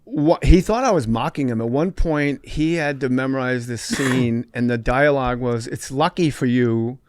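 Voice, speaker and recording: A man's voice: mid-range voice, moderate pace, no room sound. Storytelling male podcast host, dry close sound. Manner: storytelling, animated, crude humor. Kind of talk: casual chat.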